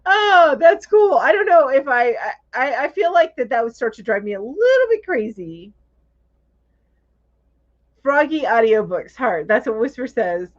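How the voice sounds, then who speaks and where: A woman's voice: high voice, big pitch swings, unhurried. A woman hosting a crochet live chat, reading viewer comments aloud in a chatty, casual way, thinking aloud and laughing easily. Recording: dull lo-fi livestream audio.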